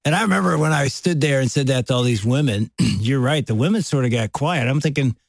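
A middle-aged man chats casually with his wife in an easygoing, teasing way. His voice sits at an average pitch. The recording is dry and close. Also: brisk, creaky, no room sound. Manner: easygoing, laughs and teases. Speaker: co-host. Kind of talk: casual conversation between spouses.

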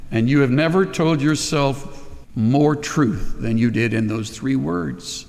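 A man's voice: medium pitch, slow pace, creaky, darkish tone. A man preaching a sermon as pastor, with passionate delivery, leading the congregation in call-and-response. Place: large church. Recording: long reverb of a large hall.

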